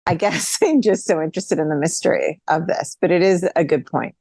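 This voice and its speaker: A woman's voice: lowish voice, a little fast, warm tone, slightly rough, no echo. A woman who works as a litigator, co-hosting a podcast and commenting wryly on a TV series. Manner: wry, incredulous commentary. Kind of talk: casual TV recap chat.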